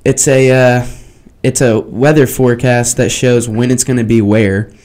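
A man co-hosting a casual podcast, talking in a relaxed way that stops and restarts often. His voice sits at an ordinary male pitch. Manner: relaxed, halting, with fillers and laughs. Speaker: podcast co-host. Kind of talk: casual chat.

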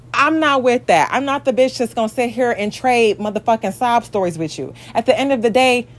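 Profane, exasperated young woman venting. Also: a little high. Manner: mocks others in acted quotes. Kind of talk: venting rant to camera.

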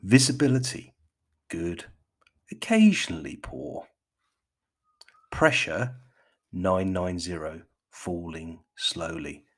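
A man putting on a BBC-style British accent to play a mock radio weather forecaster, reading in a slow, measured, formal way. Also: low-pitched, animated, exaggerated voice. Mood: solemn announcing. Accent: put-on BBC-style British.

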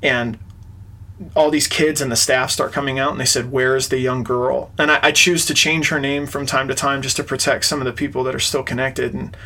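A man's voice: medium pitch, little pitch movement, brisk, sharp tone. A man, an interview guest, earnestly recounting a personal story in conversation. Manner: earnest, retells events with quoted dialogue.

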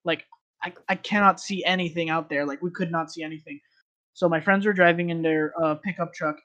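A man's voice: a little high, fairly even intonation, a little fast, sharp tone, dull audio. A man telling a long story in casual podcast chat, rambling with lots of fillers and restarts.

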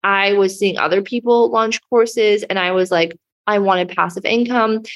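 A woman's voice: mid-range voice, steady tone, moderate pace. A young woman hosting her own podcast, talking in a bubbly, effusive, casual way with lots of "like" as a business coach.

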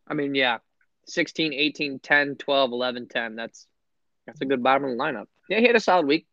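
A man's voice: medium pitch, fairly quick, vocal fry, no echo. Sarcastic guy on a dry, dull mic. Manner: animated, sarcastic, swears freely. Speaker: podcast co-host. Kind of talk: casual fantasy football recap chat.

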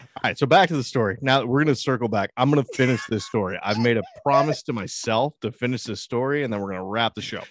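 A man's voice: medium pitch, quick pace, dry recording. A man in his thirties co-hosting a podcast, telling a loose, profane family story with voiced quotes. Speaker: podcast co-host. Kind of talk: casual podcast chat.

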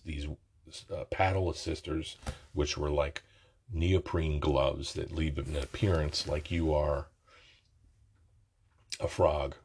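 A middle-aged man telling a rambling, profane story from his youth, often correcting himself mid-sentence, with a raspy voice. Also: rumbling low. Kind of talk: casual storytelling.

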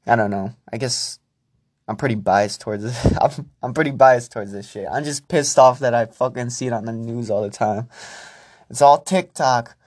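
A man's voice: mid-range voice, moderate pace, darkish tone. A young man hosting a casual solo podcast, rambling and swearing freely as he talks to himself and his listeners. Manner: profane, rambling, self-talking. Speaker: podcast host.

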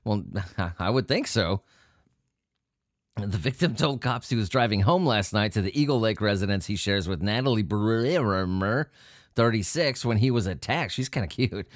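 A man reads strange news items aloud and riffs on them between sentences. He swears freely and keeps laughing, and his pitch swings up and down a lot. The recording is dry and close to the mic. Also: animated, normal speed, no echo. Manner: profane, joking, laughs through the reading. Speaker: host reading odd news stories. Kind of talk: casual solo commentary on news.

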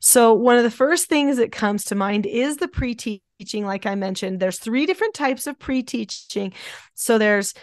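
A woman's voice: fairly high pitch, normal speed, no echo, clean studio sound. A middle-aged woman teaching parenting methods in an explanatory, emphatic way, often repeating key words. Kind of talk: instructional podcast talk.

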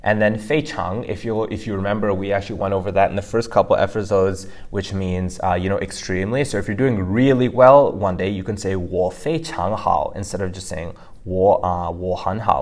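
A man co-hosting a language-learning podcast, chatty, restarting phrases and using many fillers. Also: low-pitched. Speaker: podcast co-host. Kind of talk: casual language lesson podcast.

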